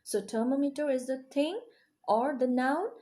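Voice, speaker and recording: A woman's voice: sits high, moderate pace, warm tone. A woman teaching a grammar lesson to children, explaining patiently and checking in with questions. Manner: explains patiently, checks in with rising "yes?" and "okay?".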